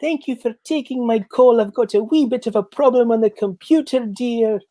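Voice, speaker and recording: A man putting on a high falsetto voice as a sweet elderly lady. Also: moderate pace, dark tone. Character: sweet fussy old Scottish lady.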